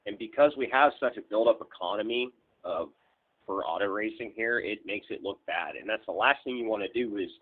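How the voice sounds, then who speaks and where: A man hosting a casual podcast chat, giving blunt, emphatic opinions. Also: medium pitch. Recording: tinny phone line.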